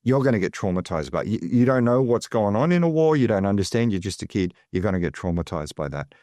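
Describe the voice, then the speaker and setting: A man's voice: on the low side, very animated, fast talker, dark tone, no room sound, clean studio sound. A man with an Australian accent telling his life story as an interview guest, chatty and digressive with lots of fillers. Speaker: guest, financial advisor.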